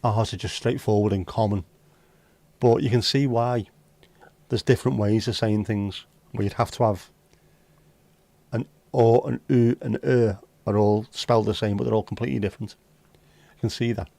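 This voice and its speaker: A man's voice: lowish voice, steady tone, moderate pace, gravelly, dark tone, dry recording. A man hosting a casual livestream, bantering and joking with his chat at a desk mic. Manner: banters, teasing, jokey asides. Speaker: livestream host. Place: indoors, home streaming room.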